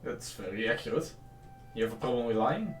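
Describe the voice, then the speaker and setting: A man's voice: mid-range voice, animated, fairly quick. A man with a Dutch accent playing a tabletop game, giggly and jokey. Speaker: player. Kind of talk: casual tabletop role-play chat. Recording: echoey room, faint music.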